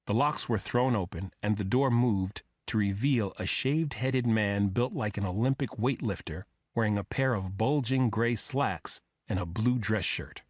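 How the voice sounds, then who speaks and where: Low-voiced man reading a thriller. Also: normal speed, few pauses, a little mellow, no room sound, clean studio sound. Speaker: audiobook narrator. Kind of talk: first-person thriller narration.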